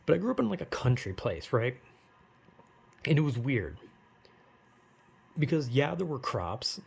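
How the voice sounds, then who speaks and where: A man's voice: medium pitch, sing-song, a little slow, vocal fry, husky. A young man with a general American accent, rambling casually and self-deprecatingly in a monologue vlog. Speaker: vlogger.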